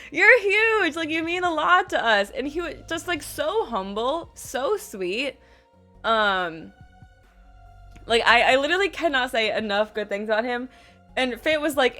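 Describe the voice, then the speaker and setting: A young woman chats through a gushing story on her stream, her voice high and bright, edging toward sharp. She talks in a quick, casual flow full of fillers and quoted lines. Faint music plays under her voice. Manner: gushing, chatty, lots of "like" and quoted dialogue.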